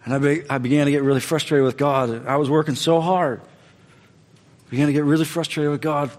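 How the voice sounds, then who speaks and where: A man preaching a sermon as pastor, telling a personal story and acting out the dialogue, swinging from loud to quiet. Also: on the high side, fast. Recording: long reverb of a large hall.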